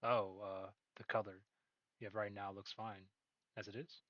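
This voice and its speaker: A man's voice: fairly low pitch, flat delivery, normal speed, sharp tone, no room sound. A nervous young man working a shop counter, stammering and flustered, as a man reading a story puts him on. The recording is muffled and dry. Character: shy, nervous young male shop clerk.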